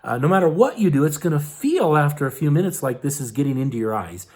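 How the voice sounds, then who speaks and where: A man's voice: a little high, big pitch swings, quick pace, darkish tone. A man giving a casual, folksy hands-on health lesson, with lots of fillers and "okay?" check-ins. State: eyes tearing up from ointment vapors. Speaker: herbal health teacher.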